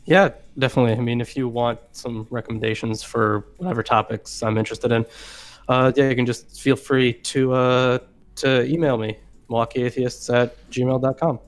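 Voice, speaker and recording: A man's voice: mid-range voice, steady tone, moderate pace. A man talking casually as a guest on a video call, hesitant, with many fillers and restarts.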